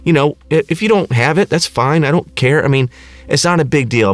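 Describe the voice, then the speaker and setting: A man's voice: mid-range voice, expressive, fairly quick, no echo. A middle-aged man hosting his own podcast, ranting casually in a crass, sarcastic, rambling way. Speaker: podcast host. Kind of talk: casual comedic rant.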